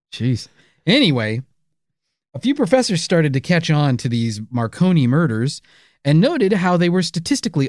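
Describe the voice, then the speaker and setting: A man co-hosting a casual true-crime podcast, his slightly high voice swinging in pitch. He mixes case narration with playful jokes. The recording is dry and close. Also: darkish tone, no echo. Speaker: podcast co-host.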